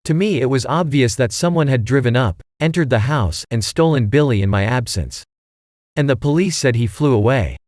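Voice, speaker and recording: A man voicing a grand, slow old stage actor. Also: medium pitch, expressive, darkish tone, no echo, clean studio sound, natural voice. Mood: indignant. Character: elderly male stage actor, grand and vague.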